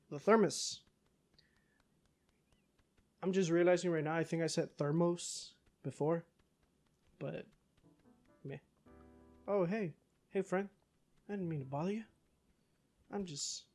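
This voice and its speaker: A man giving casual let's-play commentary, talking back to the game's characters, cursing and breaking into yells. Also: a little high, measured pace, long pauses, faint music behind. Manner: excitable, curses, talks back to game characters, yells in bursts. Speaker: gaming YouTuber.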